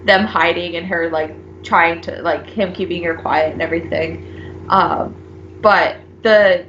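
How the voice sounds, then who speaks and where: A young woman co-hosting a casual drama discussion, relaxed and full of filler words. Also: lowish voice, unhurried, reverberant, muffled recording, a little hiss or hum. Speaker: co-host of a drama discussion channel. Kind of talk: casual chat.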